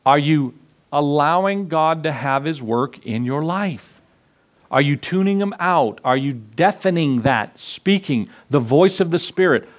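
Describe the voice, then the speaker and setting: In an unhurried, expressive delivery, a man with a slightly high voice gives a church sermon. As a pastor, he is impassioned and keeps posing rhetorical questions to the people in the pews.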